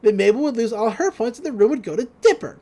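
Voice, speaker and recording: A boastful cartoon boy who schemes to win, gloating and upbeat, as a woman reads his lines. His voice swings high and low with excitement. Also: quick pace. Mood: scheming. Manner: gloating, plotting. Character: eager scheming boy in his sister's body.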